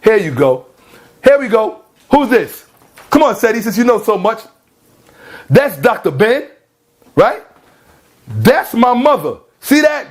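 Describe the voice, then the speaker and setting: A man delivering a heated, confrontational rant at a rival, scolding him and repeating pointed questions in slang-heavy street talk. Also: sits high. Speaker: online commentator.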